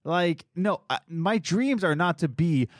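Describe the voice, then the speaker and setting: Animated young man venting on a podcast. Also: fairly high pitch, measured pace, no room sound, studio quality. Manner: animated storytelling, mimics others in quotes. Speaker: podcast co-host. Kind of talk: casual chat.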